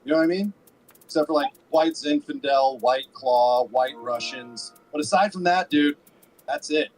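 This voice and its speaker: A man doing a stand-up set and then chatting as a guest, with brisk, deadpan joke delivery. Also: mid-range voice, faint music behind, low-quality recording. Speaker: stand-up comedian.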